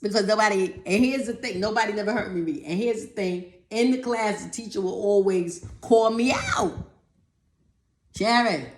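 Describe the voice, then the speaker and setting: A woman telling a personal story in a talk, animated, acting out other people's voices and often repeating words. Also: medium pitch, fairly quick, hardly any pauses, echoey room. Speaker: speaker giving a talk.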